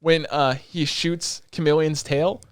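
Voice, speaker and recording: A man's voice: on the high side, fairly even intonation, slow, clean tone, no room sound, clean studio sound. A young man co-hosting a casual podcast, ranting heatedly and swearing a lot. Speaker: podcast co-host.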